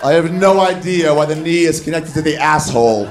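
A man doing a stand-up comedy set on a club stage, telling a story with animated, shouted put-on voices. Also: fairly high pitch, fairly quick, slight background noise. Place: comedy club stage before a live audience. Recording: live club recording with crowd. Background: audience laughter.

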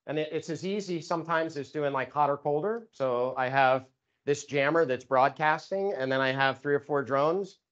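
A man's voice: on the high side, lo-fi sound. A man giving an informal lecture on electronic warfare, talking casually with many fillers and restarts. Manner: casual, filler-heavy, self-correcting. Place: lecture room.

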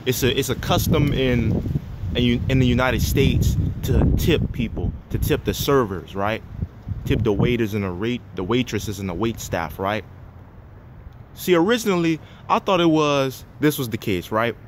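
A man's voice: mid-range voice, expressive, normal speed, background noise. A man delivering a heated, profanity-filled rant to the camera, swearing constantly and repeating himself. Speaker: vlogger.

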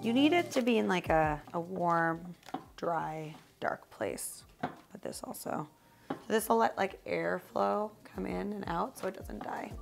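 Woman vlogger, casual and chatty, gravelly voice, background music. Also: fairly low pitch, animated, unhurried. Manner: chatty, lots of "like" fillers. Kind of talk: casual cooking vlog.

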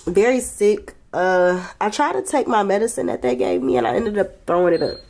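In a medium-pitched, slightly mellow voice that's very animated and moderately paced, a young mother and lifestyle vlogger chats from her bedroom at home. Though sick and achy, she talks casually to viewers and keeps calling them "y'all."

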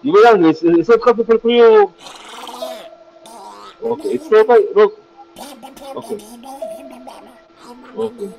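Guy with broken english, calm and teasing, keeps repeating himself, muffled lo-fi audio, kinda high voice. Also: a little slow, gravelly, long pauses, music in the background. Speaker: stranger on video chat. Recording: dull lo-fi sound.

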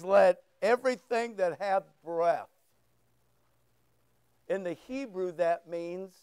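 A man's voice: high-pitched, darkish tone, smooth, no room sound, clean studio sound. A man preaching a sermon, fervent and emphatic, with rising bursts. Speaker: pastor.

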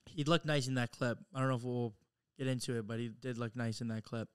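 A man's voice: medium pitch, steady tone, quick pace, clean tone, no room sound, clean studio sound. A young man co-hosting a podcast who talks in a laid-back, slangy way in casual chat. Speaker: podcast co-host.

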